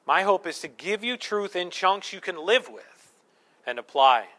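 A man's voice: high-pitched, lively intonation, unhurried, sharp tone. A man preaching a sermon as pastor, earnestly teaching through scripture point by point in a church.

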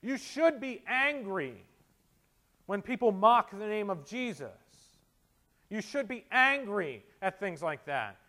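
Man, pastor, middle-aged, high-pitched, preaching, chatty asides, forceful calls to action. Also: big pitch swings, slow pace. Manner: conversational preaching, swinging between quiet asides and forceful exhortations. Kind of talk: sermon.

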